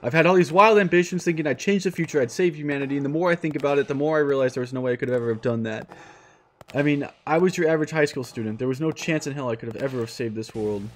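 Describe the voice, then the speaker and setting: A man reading aloud as a despairing young man, a former high school student trapped in a war, in a pleading, self-pitying way. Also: rapid-fire, slight background noise, close to an everyday voice. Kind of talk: reading a visual novel aloud.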